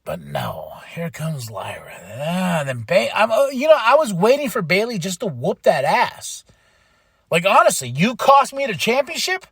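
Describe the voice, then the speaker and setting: A man's voice: high voice, very animated, normal speed, fairly bright tone, slightly rough, dry recording, clean studio sound. A man hosting a podcast, recapping wrestling in casual, profane chat and mimicking wrestlers as he goes. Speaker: podcast host.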